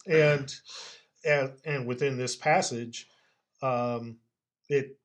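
A man explaining scripture in a casual Bible-study chat, patient and explanatory, quick to laugh. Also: mid-range voice, steady tone, a little hiss or hum.

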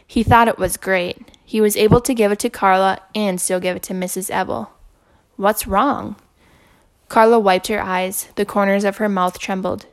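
A woman reads a children's chapter book aloud in calm, even narration. Her voice sits at a middle pitch with a steady gravelly fry. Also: brisk, hardly any pauses. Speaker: audiobook reader. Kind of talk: reading a children's novel aloud.

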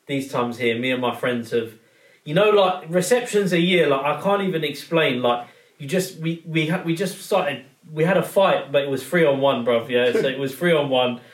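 A man's voice: fairly high pitch, animated, moderate pace. A man on a podcast, telling a childhood story in a rambling way, full of slang. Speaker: podcast co-host. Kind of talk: casual chat. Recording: roomy sound from a distance.

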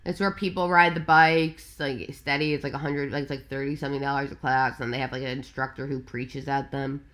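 A woman's voice: rumbling low, fairly even intonation, fairly quick, a bit bright. A young woman with a New York accent chatting as a guest over a video call, rambling with constant filler words. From United States. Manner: rambling, heavy "like" filler, acts out quotes. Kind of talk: casual video-call chat.

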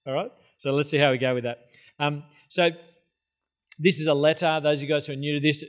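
A man preaching in a church with a slightly higher voice than most men. He keeps it casual and conversational, dropping in jokes and asides as he teaches. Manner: casual, joking, conversational preaching with filler words. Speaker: pastor. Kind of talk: sermon. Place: church hall.

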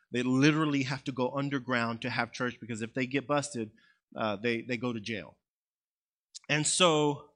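A man's voice: on the high side, pushed and bright. A man preaching a sermon in a conversational way, often checking in with "right?" and "okay?". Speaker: pastor.

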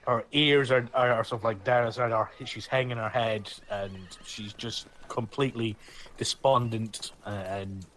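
A man's voice: on the low side, fairly even intonation, unhurried, a bit bright, a little hiss or hum. A man narrating as game master of a tabletop role-playing game, rambling with many restarts.

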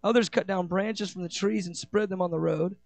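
A man with a notably high voice preaches a sermon. He races through asides, then slows down and builds to shouted, ringing declarations. The sound is close and dry, with faint music underneath. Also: steady tone, creaky, no room sound. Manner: swings from quick asides to slow, shouted declarations. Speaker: pastor.

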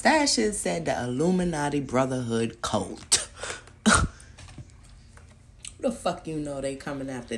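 A woman hosts her own podcast in a loose, swearing monologue. Her voice sits low with a gravelly rasp. She jumps from loud, emphatic bursts to muttered asides. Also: lively intonation, unhurried, long pauses, noisy background. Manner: profane, emphatic storytelling. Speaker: podcast host. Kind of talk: casual monologue.

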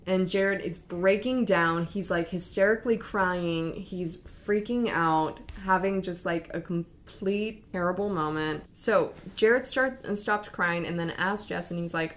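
A young woman casually retelling a true story to a friend, acting out the quoted lines in livelier, higher voices. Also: unhurried. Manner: lively, acts out quoted lines with raised pitch.

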